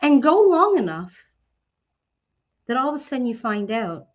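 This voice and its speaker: A Canadian woman giving a motivational talk to a business network. She is outgoing and animated, and she often asks questions and then answers them herself. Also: fairly high pitch, moderate pace, dull audio.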